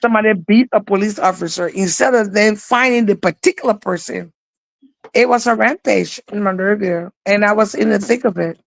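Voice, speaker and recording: A woman's voice: mid-range voice, fairly quick, vocal fry, dry recording, poor audio. Woman co-host of a live talk stream, heartfelt rambling storyteller, dry close sound. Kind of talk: live online talk show.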